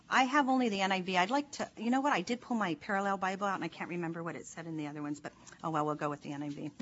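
A woman's voice: medium pitch, a bit bright. A woman leading a Bible study in an earnest, chatty way, with many fillers as she talks. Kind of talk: informal devotional teaching. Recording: slightly dull recording with faint noise.

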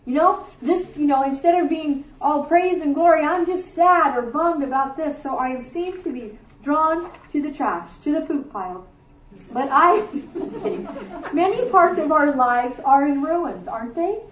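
A woman's voice: high voice, animated, normal speed, hardly any pauses, reverberant, distant mic, poor audio. A middle-aged woman giving a sermon to a group, earnest and conversational, with offhand asides. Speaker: Bible teacher. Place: warm room with a group.

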